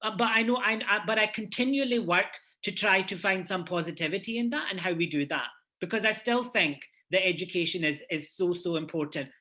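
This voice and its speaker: A man's voice: high-pitched, a little fast, bright, forceful tone. A man with a Glasgow Scottish accent speaking earnestly on a conference panel, with many restarts. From Scotland. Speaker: panelist, head of university department.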